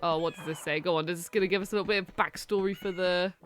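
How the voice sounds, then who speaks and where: A woman's voice: fairly low pitch, fairly even intonation, rapid-fire, few pauses. A woman casually chatting as a streamer, reading chat aloud and playfully talking to the game. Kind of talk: casual live game commentary. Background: game music.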